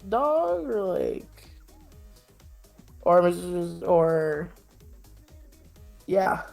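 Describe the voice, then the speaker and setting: A woman's voice: on the low side, very animated, extremely slow, vocal fry, darkish tone, faint music behind, full character voice. A woman playing an awkward flirting minotaur guy. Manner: awkward bumbling pickup talk, filler-heavy. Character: flirty clumsy male minotaur bar patron.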